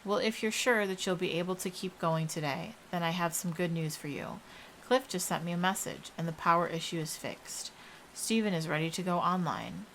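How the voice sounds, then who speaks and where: A gentle, motherly Southern woman scientist, as a woman narrator puts her on, soothing and fond of calling people dear. Her voice sits on the low side, with a faint hiss of noise behind it. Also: normal speed, rough recording. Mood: upbeat. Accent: Southern US (put on). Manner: soothing, calls others dear.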